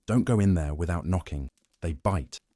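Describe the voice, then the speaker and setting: A man's voice: low voice, normal speed, dark tone, no echo. A man voicing an awkward male god of the dead who chats like a salesman giving a home tour.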